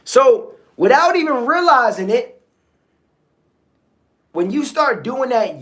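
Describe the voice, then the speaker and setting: Medium in pitch, slow, and sing-song. The host talks casually through a motivational livestream, repeating key phrases and often turning to listeners to check in.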